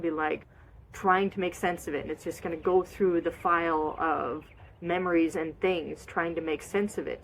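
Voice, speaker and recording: A woman's voice: fairly low pitch, a little hiss or hum. Chatty woman giving wellness advice. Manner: expressive, acts out feelings with sighs and noises; chatty, repeats short phrases. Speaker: holistic wellness coach. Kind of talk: casual advice talk.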